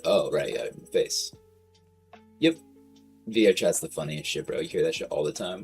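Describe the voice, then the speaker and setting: A man's voice: low voice, normal speed, pauses often, soft background music. A man chatting casually on a livestream, rambling in a slangy, loose way and swearing freely. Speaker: streamer.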